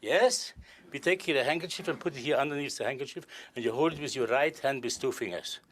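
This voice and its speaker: A man's voice: mid-range voice, fast, a bit bright, a little hiss or hum. An older man performing as a stage magician, joking and courtly with volunteers in careful. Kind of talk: live magic performance patter.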